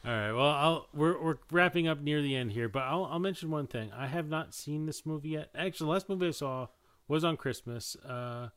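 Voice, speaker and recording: A man co-hosting a podcast in relaxed casual chat, laughing often and using many fillers. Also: a little high, fairly quick, clear, resonant tone. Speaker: podcast co-host.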